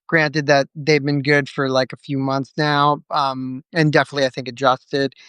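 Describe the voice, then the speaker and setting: A man's voice: medium pitch, level tone, normal speed, fairly bright tone, smooth, no room sound. An American man in his thirties, chatting casually in an easygoing, slightly hesitant way on a live video Q&A. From USA. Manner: easygoing, a little hesitant, many "um" and "like" restarts. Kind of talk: casual chat answering viewer questions.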